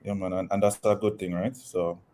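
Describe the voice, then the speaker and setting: Guest: Jamaican man, very deep monotone voice, relaxed, joking. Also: a little fast, a little hiss or hum. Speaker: guest, company founder. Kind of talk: casual interview chat.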